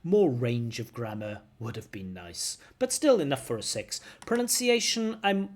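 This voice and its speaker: A man's voice: medium pitch, sing-song, measured pace. A man giving spoken exam feedback as a language examiner, talking conversationally and explaining step by step.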